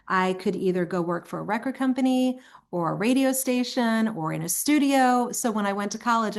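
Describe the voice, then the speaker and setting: A woman in her fifties from Long Island, a singer telling her life story in a relaxed interview, with frequent ums and uhs. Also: mid-range voice. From Long Island, New York. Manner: warm, reflective storyteller with frequent fillers. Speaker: singer and songwriter, interview guest.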